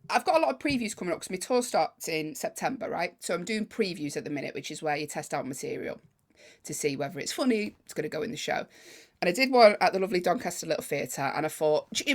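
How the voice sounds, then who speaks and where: A woman comedian, telling a lively anecdote in casual podcast chat. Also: on the low side. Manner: lively anecdote-telling, acts out other people.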